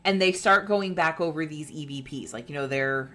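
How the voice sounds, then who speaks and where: A woman with a low voice co-hosts a podcast in easy, casual chat. She retells a ghost-hunting show with plenty of swearing and acts out what the people in it said. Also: brisk, pushed and bright, slight background noise. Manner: chatty, swearing, acting out quotes. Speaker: podcast co-host.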